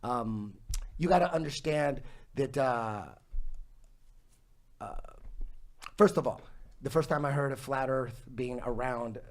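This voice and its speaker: A man's voice: medium pitch, slow, long pauses. A man in his forties telling a long story in casual, profane chat, laughing as he goes. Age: 40s. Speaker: podcast guest telling a story.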